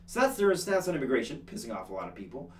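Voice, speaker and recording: Animated chatty young male news host. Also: medium pitch, fast talker, far from the mic, a little hiss or hum. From Canada. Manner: chatty and animated, with filler words and jokes. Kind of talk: casual online news commentary.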